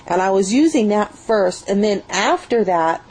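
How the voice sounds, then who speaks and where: A woman's voice: mid-range voice, lively intonation, unhurried, darkish tone, rough recording. A young woman chatting enthusiastically at home in a rambling product review, recorded on a built-in webcam mic. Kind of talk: casual spoken product review.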